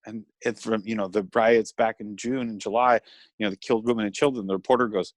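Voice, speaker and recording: A man co-hosting a casual podcast, telling stories in a rambling, animated way with frequent laughs. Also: medium pitch, brisk, no room sound. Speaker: podcast co-host. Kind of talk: casual chat.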